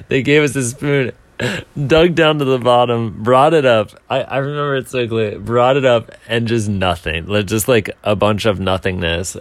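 A man's voice: medium pitch, moderate pace, no echo. A young man telling a casual, self-mocking story, rambling along with filler words and restarts. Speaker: speaker telling a timed anecdote.

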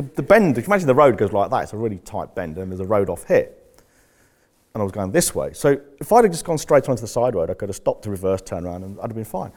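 A man's voice: fairly low pitch, expressive, quick pace, a little mellow. Rambling, jokey older man swearing freely. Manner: rambling, profane, jokey storyteller. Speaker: podcast host. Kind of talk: casual chat.

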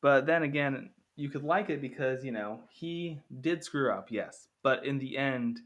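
Bright-voiced man rambling about movies. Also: medium pitch, unhurried, highs cut off. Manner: rambling, with many fillers, acting out quotes. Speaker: podcast host. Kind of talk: casual movie comparison monologue.

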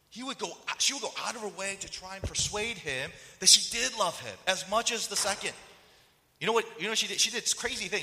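A man preaching a casual, story-driven sermon in a sharp, very bright voice that sits a little high and swings widely in pitch. His words trail off into the long reverb of a large hall. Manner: animated storytelling that acts out quoted voices. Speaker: pastor. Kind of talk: conversational sermon.

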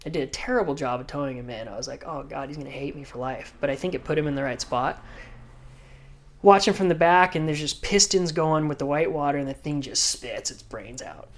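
A professional surfer with a voice on the high side speaks briskly while telling a story in a casual podcast interview. He's an animated, vivid storyteller who acts out what other people said.

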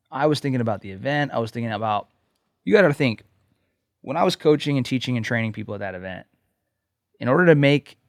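A man's voice: medium pitch, no room sound, studio quality. A man co-hosting a podcast, telling a personal story in an earnest way and often checking in with "okay?". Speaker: podcast co-host, coach. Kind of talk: casual podcast conversation.

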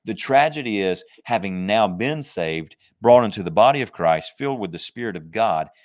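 A man preaching a sermon, emphatic and conversational, slowing down to stress scripture verses and joking with his listeners. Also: on the low side, expressive. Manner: jokes and laughs with the congregation.

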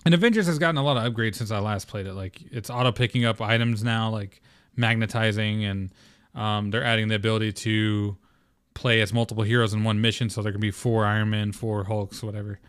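A man's voice: lowish voice, fairly even intonation, a little fast, a bit bright, clear, resonant tone, no echo, studio quality. A man hosting a casual solo podcast, rambling with lots of "um" and "like" and swearing freely. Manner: rambling, profane, filler-heavy. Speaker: podcast host.

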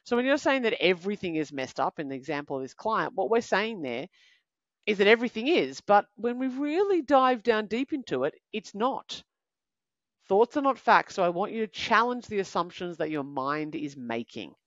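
A woman's voice: mid-range voice, big pitch swings, moderate pace, dry recording, lo-fi sound. A woman hosting a confidence podcast, giving emphatic motivational coaching through numbered steps and recapping them.

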